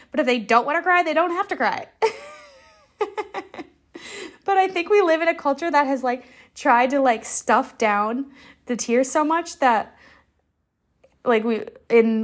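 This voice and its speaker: A young adult woman, voicing her solo podcast with a slightly high voice. She talks in a loose, open, meandering way, full of "like" and restarts as her thoughts unfold. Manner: loose, rambling and candid, with frequent "like" and laughs. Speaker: podcast host.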